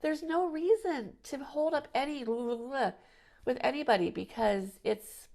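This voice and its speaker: A woman's voice: sits high, takes it slowly, warm tone. A woman hosting a podcast, chatting casually and telling rambling stories with frequent restarts and "you know"s. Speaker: podcast host. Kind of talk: casual conversational chat.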